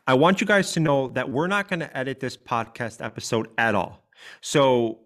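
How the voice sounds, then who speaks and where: A man's voice: mid-range voice, animated, a bit bright. A man from the United States co-hosting a podcast, chatting casually and reading his own writing aloud in an earnest, feeling way. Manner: earnest, reads slowly with feeling. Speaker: podcast co-host.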